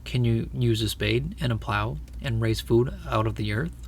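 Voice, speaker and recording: A man voicing a great, kingly male lion who speaks in a grave, measured, commanding way. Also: mid-range voice, creaky, a little hiss or hum, close to an everyday voice. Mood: solemn.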